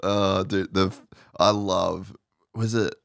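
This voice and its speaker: Gravelly low-voiced podcast host. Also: male voice, takes it slowly, no room sound, clean studio sound. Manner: excitable, swears a lot, says "bro" and "dude". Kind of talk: casual podcast chat.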